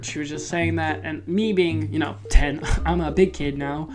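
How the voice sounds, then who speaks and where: A young man in his late teens telling goofy childhood stories in a casual podcast, chatty and animated, jumping his voice up to act out what people said, recorded on a phone. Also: fairly high pitch, moderate pace, few pauses. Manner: chatty, goofy, acts out quotes with big jumps in voice. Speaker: podcast host. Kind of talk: casual storytelling. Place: loud location. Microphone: phone microphone. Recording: guitar music playing behind.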